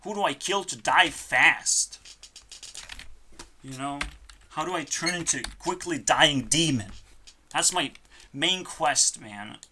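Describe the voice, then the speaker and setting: A channel host at a home computer desk, delivering a frustrated rant full of swearing that swings between loud outbursts and quiet muttering. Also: medium pitch, animated, slow, long pauses, slight background noise. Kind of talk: ranting vlog.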